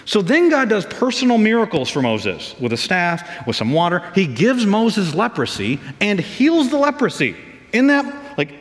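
Animated preacher man in an echoing hall. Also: high voice, moderate pace. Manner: lively and animated, acts out voices for comic effect. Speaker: pastor. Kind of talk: sermon. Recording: long reverb of a large hall.

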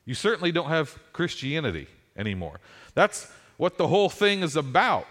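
A middle-aged pastor with a fairly high voice preaches a sermon at normal speed, telling stories in an animated way with rising emphasis.

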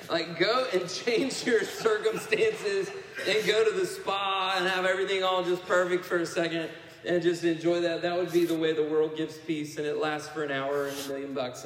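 Male pastor, sermon storytelling, fairly high voice, long hall reverb, faint room noise. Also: far from the mic. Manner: storytelling with laughs and sudden loud bursts. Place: church sanctuary. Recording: echoey hall, picked up from afar.

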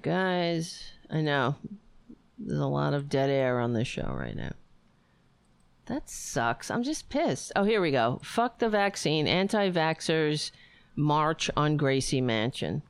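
Woman host, casual reaction commentary, sarcastic, swears a lot, unhurried. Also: deep voice, lively intonation, creaky, smooth, no echo. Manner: sarcastic, profane ranting. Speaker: streamer reacting to video.

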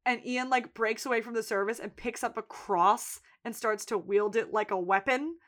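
Her voice sits a little high and moves at a normal speed as she co-hosts a podcast. Recapping a TV episode casually, she gives an animated account full of acted-out character quotes.

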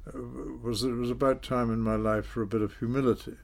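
An older man, telling his story in a measured, self-deprecating way in an interview. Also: medium pitch, fairly even intonation. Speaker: interview guest, former politician. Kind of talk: reflective storytelling.

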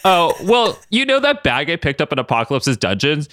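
A man voicing a bossy, excitable young woman who yells and chatters in a comic podcast story. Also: extremely high pitch, brisk, no echo, clean studio sound, voice pushed up. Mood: cheerful. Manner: loud, yelling.

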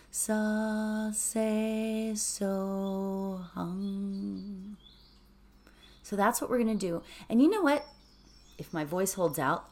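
A slightly hoarse woman leading a guided meditation in a chatty way, laughing often and ending her lines with "right?". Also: medium pitch. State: slightly hoarse from early morning.

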